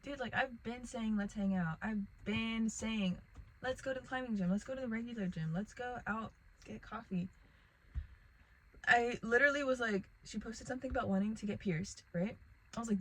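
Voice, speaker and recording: A woman's voice: on the high side, moderate pace, a bit bright, low-quality recording. A young woman telling a rambling casual storytime vlog to the camera, packed with "like" and fillers. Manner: rambling, filler-heavy, lots of "like".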